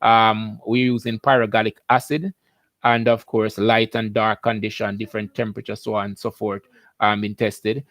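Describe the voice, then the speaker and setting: A man's voice: on the low side, little pitch movement, moderate pace, a bit bright, no room sound. A Jamaican man, a biology teacher, hosting a live-stream lesson, chatty and upbeat as he greets viewers by name.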